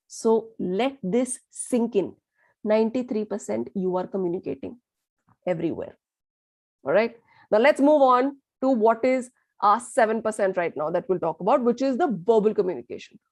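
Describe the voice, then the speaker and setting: A woman teaches a communication workshop in a fairly high, mellow voice. She talks with emphasis, repeats words and keeps asking her class questions, now and then mixing in Hindi. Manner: mixes in Hindi phrases. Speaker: workshop trainer.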